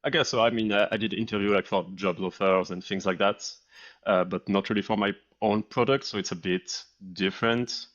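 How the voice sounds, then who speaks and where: A man's voice: on the low side, steady tone, a little fast, fairly bright tone, highs cut off. A French man with a French accent, a startup founder as interview guest, talking in a modest, slightly hesitant way. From France. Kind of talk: casual interview chat.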